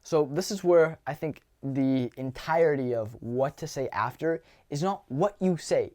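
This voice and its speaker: A young man talking casually as a dating coach, animated and swearing, acting out lines from his own conversations. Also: a little high, measured pace, hardly any pauses. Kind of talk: casual advice monologue.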